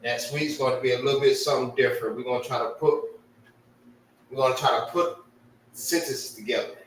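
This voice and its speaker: A man's voice: mid-range voice, steady tone, fairly quick, reverberant, far from the mic, a little hiss or hum, rough recording. A man teaching a casual language lesson, spelling out sounds and often checking in with "right?".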